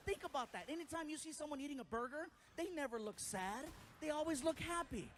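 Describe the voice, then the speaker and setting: A man telling a long comic story on stage, animated and acting out the people in it. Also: very high voice, a little fast, hardly any pauses. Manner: animated, acts out other people's voices. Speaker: stand-up comedian. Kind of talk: stand-up comedy storytelling.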